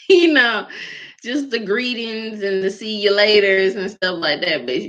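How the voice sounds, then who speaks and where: In unhurried, sharp tones at a medium pitch, a faith podcast host chats casually and openly. She laughs a lot and fills her speech with fillers, all captured in a dull lo-fi recording.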